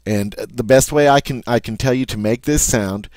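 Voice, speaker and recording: A man's voice: medium pitch, normal speed, darkish tone, no echo. A man teaching French pronunciation, patiently modeling each sound and checking in with "all right?" as he goes. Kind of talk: pronunciation lesson.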